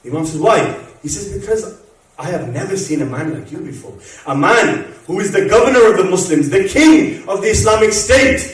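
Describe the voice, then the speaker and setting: High-voiced man preaching in an echoey hall. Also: lively intonation, a little fast, recorded from a distance. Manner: tells stories with quoted dialogue, voice drops low and soft at emotional moments. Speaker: Muharram speaker. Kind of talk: religious lecture storytelling. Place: mosque or community hall.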